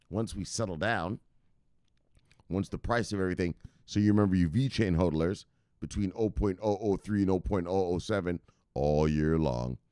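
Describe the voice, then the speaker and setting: A man with a very low voice hosts a crypto stream from his home, swearing, laughing and shouting out his viewers. His pitch swings widely between mumbles and yells. The sound is close and dry. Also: no echo. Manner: profane, shouts "bang" at viewers' names, laughs often. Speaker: crypto news host. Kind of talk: casual livestream rant.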